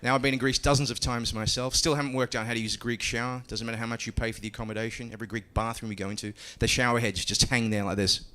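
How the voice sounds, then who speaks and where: A man's voice: mid-range voice, fairly even intonation, racing, hardly any pauses, pushed and bright, smooth. A middle-aged Australian man doing a stand-up comedy set on a club stage, dry and profane with hesitant fillers.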